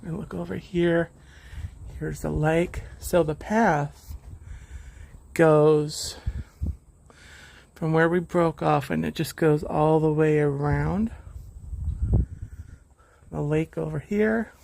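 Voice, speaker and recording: A man's voice: on the high side, fairly even intonation, slow, vocal fry, pauses often, darkish tone, a little hiss or hum. A man live-streaming a hike, chatting in an easygoing, rambling way as he walks, a little out of breath. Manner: rambling, easygoing commentary while walking. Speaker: vlogger. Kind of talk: live-streamed hiking chat. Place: outdoors on a hiking trail by a lake.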